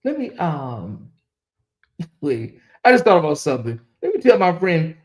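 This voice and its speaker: Animated woman streaming gossip commentary. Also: deep voice, measured pace. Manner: animated, repeats questions, swings from muttering to exclaiming. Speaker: commentary channel host. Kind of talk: casual live-stream commentary.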